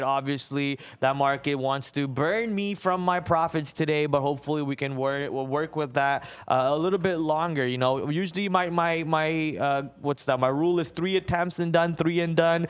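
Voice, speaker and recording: A man's voice: on the high side, clear, resonant tone. A man co-hosting a live trading show, giving running commentary on his own trades and often repeating words as he watches the screen. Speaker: day trader co-host. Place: trading floor studio.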